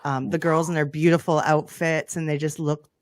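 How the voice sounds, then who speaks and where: A woman's voice: sits low, level tone, moderate pace, no echo. A woman from Canada, a podcast guest, telling stories of her youth in an upbeat, chatty way with easy laughter. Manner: upbeat storytelling, laughs easily. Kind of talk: casual chat.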